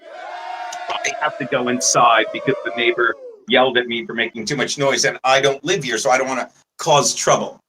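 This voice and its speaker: On a phone call, a man co-hosting a livestream talk show wanders around a house indoors, telling a rambling story in a casual chat. His mid-range voice holds a steady yet sharp tone at a moderate pace, with some chatter behind him and slight background noise.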